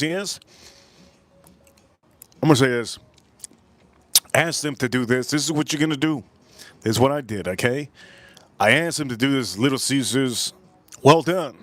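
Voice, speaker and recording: A man's voice: mid-range voice, fairly bright tone, no room sound. Rowdy, crude man livestreaming outdoors. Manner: rowdy, crude, repetitive, talks to chat. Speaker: livestream host. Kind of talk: casual livestream chat with viewers. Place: outdoors in cold weather.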